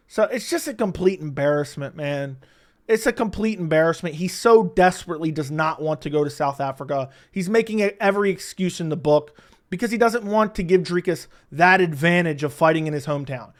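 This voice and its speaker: Guy with a high voice doing a heated mma rant, mocking tweets he reads out. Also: brisk. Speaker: MMA commentary channel host. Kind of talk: opinionated commentary on fighter tweets.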